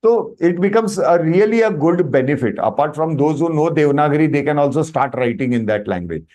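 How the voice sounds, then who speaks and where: A man's voice: a little high, animated, a little fast, warm tone. A man with an Indian English accent teaching Sanskrit on a video call, explaining and checking with students as he goes. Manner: explains with questions to students, mixes Hindi into English. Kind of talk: online workshop lesson.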